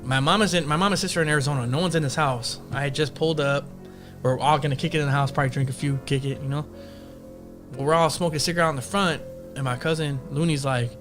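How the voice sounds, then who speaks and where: A man's voice: on the high side, fast, music in the background. A man casually telling a ghost story on a podcast, profane and slangy, acting out the other people's lines. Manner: profane, slangy, acts out quotes in voices.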